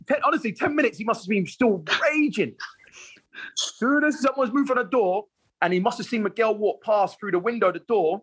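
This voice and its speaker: A man, a footballer guest telling lively anecdotes in a casual interview, laughing and repeating himself. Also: sits high, fairly quick, slightly rough.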